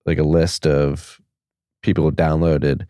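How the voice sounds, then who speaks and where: Very deep-voiced podcast host. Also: male voice, little pitch movement, measured pace, dark tone, no room sound, studio quality. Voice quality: loose, rambling, many fillers. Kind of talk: casual chat.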